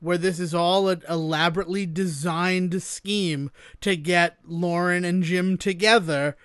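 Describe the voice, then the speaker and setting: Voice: mid-range voice, fairly even intonation, measured pace, fairly bright tone, clean tone, no room sound, studio quality. Wry co-host spinning mock theories. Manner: wry, spins mock theories, swears for emphasis. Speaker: podcast co-host. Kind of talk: casual film-review chat.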